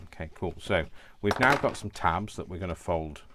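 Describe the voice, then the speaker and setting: Deep-voiced chatty man crafting tutorial. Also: expressive, moderate pace, noisy background. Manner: chatty, rambling asides, self-correcting. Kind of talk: casual step-by-step tutorial. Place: at home.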